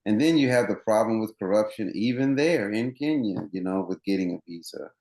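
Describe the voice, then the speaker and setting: A man's voice: lowish voice, fairly quick, a little mellow, echoey room. A man running coach, interviewed as a guest on a podcast, explaining things earnestly at length with many restarts.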